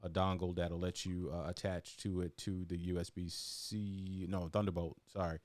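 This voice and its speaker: Deep-voiced stammering male host. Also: level tone, normal speed, a little mellow, dry recording, clean studio sound. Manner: stammering, repeats words, chatty. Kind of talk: casual interview over video call.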